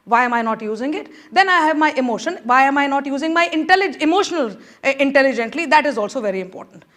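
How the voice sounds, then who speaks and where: Her voice high and bright, a middle-aged woman addresses a conference audience in a conference room, fast and full of animated energy. The speech is motivational, and again and again she urges listeners to take part.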